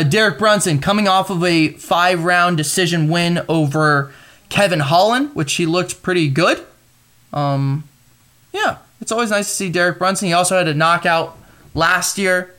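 A man hosts a solo podcast, chatting loosely through fight news in a somewhat high-pitched voice. He rambles, restarts his sentences and fills pauses with ums. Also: a bit bright. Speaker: podcast host. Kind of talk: solo casual commentary.

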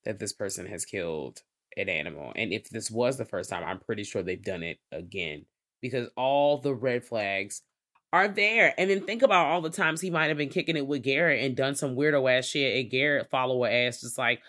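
A man's voice: mid-range voice, normal speed, pushed and bright. Laid-back profane man podcast co-host. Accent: Southern US. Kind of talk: casual movie review chat.

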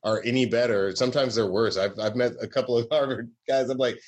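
A man from Georgia talks in a loose, rambling way, full of fillers, restarts and asides. He speaks at an ordinary, middle pitch, as a comedy writer being interviewed. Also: fairly even intonation, a little fast. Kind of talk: casual storytelling interview.

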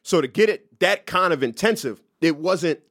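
A man hosting a casual podcast chat, telling stories in an animated way and slipping into voice impressions. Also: on the high side, normal speed, no echo, studio quality. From moved to New York as a young comic. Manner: animated storyteller, lively voice impressions. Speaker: podcast host.

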